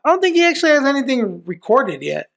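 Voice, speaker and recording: A man's voice: very high-pitched, big pitch swings, quick pace, creaky, fairly bright tone. A man, a podcast guest, telling stories in a loose, profane way full of restarts. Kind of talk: casual storytelling.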